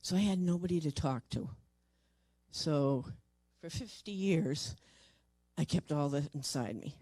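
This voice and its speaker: Older woman, mellow voice, halting emotional storyteller, dry close sound. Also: low voice, slightly rough, dry recording. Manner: halting, repeats words, voice drops soft in tender moments. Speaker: paranormal investigator.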